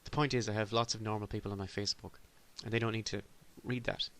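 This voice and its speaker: A man's voice: fairly low pitch, steady tone, fast. Rambling, exasperated male podcast host. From Ireland. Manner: rambling, self-deprecating, with sudden exasperated outbursts. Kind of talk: solo comedic monologue.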